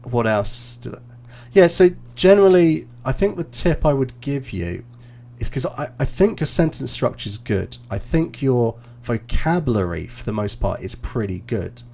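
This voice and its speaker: Gravelly-voiced man giving teaching feedback. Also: mid-range voice, moderate pace. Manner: relaxed, encouraging, with many fillers and restarts. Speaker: IELTS teacher and examiner. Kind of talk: live-streamed feedback after a mock speaking test.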